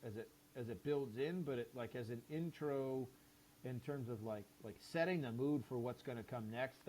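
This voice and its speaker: A man's voice: mid-range voice, a little mellow, slight background noise. A man who is a podcast guest, chatting casually in a rambling, enthusiastic way with many fillers and swears. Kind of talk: casual chat.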